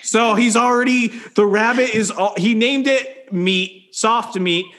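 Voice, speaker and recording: A man's voice: high-pitched, a little slow. Profane young man telling a story. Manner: profane, mocking, acts out quotes loudly. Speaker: podcast co-host. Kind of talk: casual storytelling chat.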